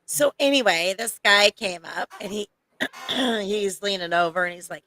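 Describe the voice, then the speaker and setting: A woman's voice: mid-range voice, unhurried, bright, forceful tone, a little hiss or hum, low-quality recording. A woman co-hosting a podcast in casual chat, teasing and wry. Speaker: podcast co-host.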